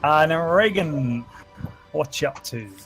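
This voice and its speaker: A man narrating as dungeon master in a relaxed, laughing manner, with many fillers and restarts. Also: fairly high pitch, takes it slowly, husky. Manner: easygoing, laughing often, filler-heavy. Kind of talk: narrating a tabletop game. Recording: faint background music.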